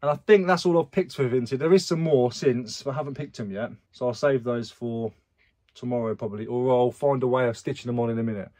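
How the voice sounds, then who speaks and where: A man's voice: medium pitch, brisk, a little mellow. A young British man chatting casually about his resale sales, swearing now and then and reading buyer messages aloud. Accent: British English. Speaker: reseller vlogger. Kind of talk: casual chat.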